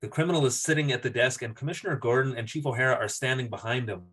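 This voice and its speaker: Meet an excitable male podcast host whose steady mid-range voice rises into squeaky character impressions. He narrates the scene in a casual, laughing chat. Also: racing, slightly rough. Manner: animated, acts out characters, laughs often. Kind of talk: casual chat recapping a TV episode.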